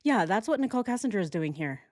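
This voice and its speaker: A woman's voice: medium pitch, big pitch swings, fast talker, a little mellow, no room sound, studio quality. Sarcastic woman reacting to true crime. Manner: sarcastic, mocking mimicry with laughs. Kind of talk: casual reaction commentary.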